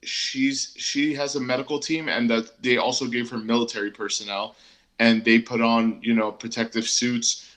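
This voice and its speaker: A man's voice: mid-range voice, little pitch movement, moderate pace, fairly bright tone. A man co-hosting a casual comic book review chat, easygoing and hesitant, with many ums and restarts.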